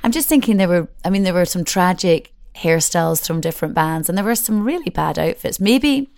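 A woman's voice: lowish voice, expressive, brisk, darkish tone, no echo, clean studio sound. A middle-aged woman from Scotland with a Glaswegian accent, chatting at length and a little self-deprecating as a presenter being interviewed. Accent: Glaswegian Scottish. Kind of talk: casual interview chat.

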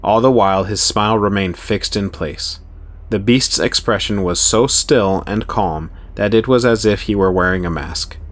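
A man narrating a dark horror story in a steady, even storytelling voice. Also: fairly low pitch, moderate pace. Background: faint music.

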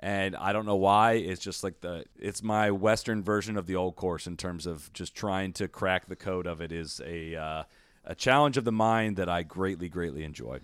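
A golf podcast co-host with a low, clean-toned voice and no room sound. He fires off strong opinions in quick bursts of casual chat, packed with fillers.

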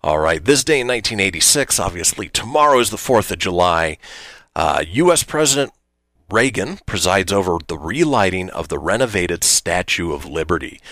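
A man hosts a radio show with a low voice that still moves a lot in pitch. He reads through history items in an easygoing way and drops light jokes along the way. The sound is dry and close to the mic. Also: very animated, normal speed, fairly bright tone, no echo. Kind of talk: casual radio chat.

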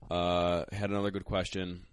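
A deep-voiced man hosts a casual podcast, reading listener questions with relaxed hesitation and frequent ums. His voice is recorded dry, with no room echo. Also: normal speed, clean tone.

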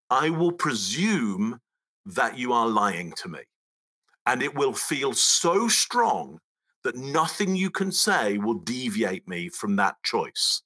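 Guy breaking stuff down step by step on a podcast, bright punchy voice, mid pitch. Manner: emphatic, animated explainer who breaks ideas into steps. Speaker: body language expert guest. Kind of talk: podcast interview explanation.

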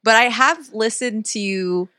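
A woman's voice: fairly high pitch, slow pace, sharp tone, dry recording, studio quality. A woman co-hosting a podcast, chatting casually and bluntly, swearing freely. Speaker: podcast co-host. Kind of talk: casual chat.

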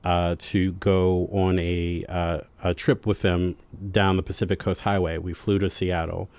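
A young man tells a family anecdote in a low, dry-sounding voice. He is animated and self-deprecating, breaking into quick impressions of others. The recording is close with no room sound. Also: clear, resonant tone, no echo. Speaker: guest. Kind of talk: storytelling in conversation.

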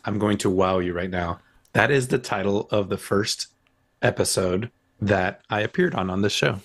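A man with a somewhat low voice chats casually on a podcast. He tells things in a loose, conversational way. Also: normal speed, dry recording, clean studio sound. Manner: reminiscing, conversational. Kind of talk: casual chat.

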